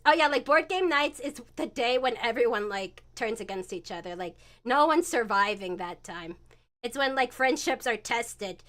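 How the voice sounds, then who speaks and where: A woman's voice: on the high side, expressive, normal speed, fairly bright tone. A woman in her twenties, a streamer and comic creator, chatting casually and rambling with many fillers. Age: 20s.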